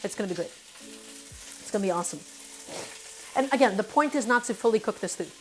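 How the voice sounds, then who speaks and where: A woman's voice: mid-range voice, animated, quick pace, slight background noise. A woman hosting a casual cooking live stream, talking through each step and greeting her viewers by name. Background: faint music and sizzling pan.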